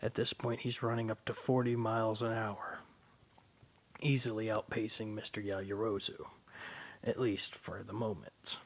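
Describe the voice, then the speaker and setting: A hoarse man with a sore throat casually narrating a fan story in a rambling, loose way. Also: fairly low pitch, level tone, unhurried.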